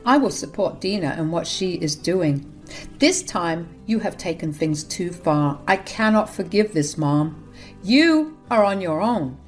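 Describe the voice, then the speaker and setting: A woman's voice: lowish voice, sing-song, unhurried, soft background music. A woman voicing an adult son who scolds his mother in an exasperated tone. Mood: angry.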